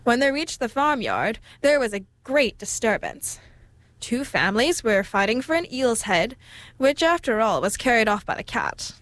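Expressive woman reading a storybook. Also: a little high, moderate pace, no echo.

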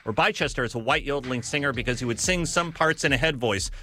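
A man giving scripted narration on music history in a measured, storytelling manner with occasional self-corrections. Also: medium pitch, bright, forceful tone.

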